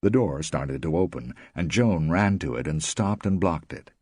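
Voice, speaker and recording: A man reads an audiobook in a low voice with a husky grain. His pitch moves a lot as he reads, and the sound is close and dry. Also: normal speed, no echo. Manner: steady, expressive reading. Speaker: audiobook narrator. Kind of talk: scripted narration.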